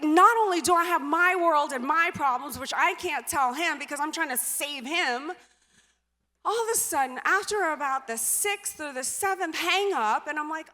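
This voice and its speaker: A woman giving a motivational speech as personal storytelling, animated, acting out dialogue and trailing off with filler sounds. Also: high-pitched, normal speed. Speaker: motivational speaker. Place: stage in a large venue. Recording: reverberant hall.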